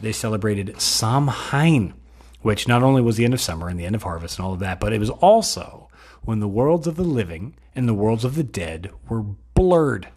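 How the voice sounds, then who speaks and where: Gravelly, rambling comedic man. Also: on the low side. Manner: rambling, self-deprecating, many fillers and restarts. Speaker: comedic host. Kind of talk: comedic monologue.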